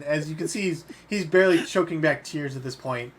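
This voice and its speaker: A man's voice: on the high side, a little fast, slight background noise. A man running a tabletop role-playing game, narrating the action in a descriptive, matter-of-fact way. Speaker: game master.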